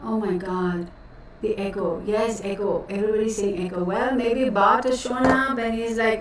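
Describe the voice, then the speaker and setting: A woman's voice: medium pitch, fairly even intonation, moderate pace. Chatty woman in an echoey room. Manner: chatty and rambling, addresses viewers as y'all. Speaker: tarot reader hosting a live stream. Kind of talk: casual chat with live viewers. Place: cluttered home room she works from. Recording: echoey room, voice distant from mic, faint noise.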